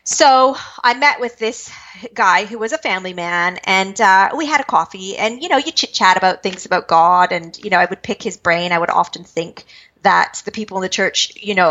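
A woman from British Columbia, Canada, a spiritual medium, telling her life story in an interview, quick-moving and acting out her own past thoughts. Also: mid-range voice, a bit bright. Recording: dull lo-fi recording.

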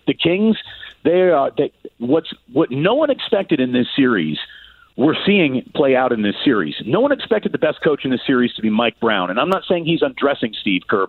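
A man's voice: mid-range voice, no echo. Blunt man ranting over a phone line. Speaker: Bay Area sports radio guest. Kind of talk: sports radio call-in analysis.

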